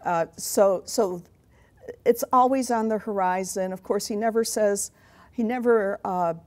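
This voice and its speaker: A woman's voice: mid-range voice, a little slow, darkish tone. A woman answering interview questions, explaining her point earnestly. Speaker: guest.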